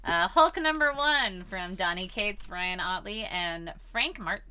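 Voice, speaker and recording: A woman's voice: medium pitch, animated, measured pace, bright, forceful tone, smooth. A woman co-hosting a podcast in casual chat, teasing and laughing often, recorded in a comic book store. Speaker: podcast co-host.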